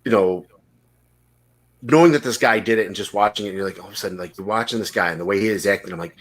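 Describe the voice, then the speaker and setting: Low-voiced man rambling on a podcast. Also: fast. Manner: rambling storyteller, swears freely. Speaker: podcast host. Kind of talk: casual podcast chat.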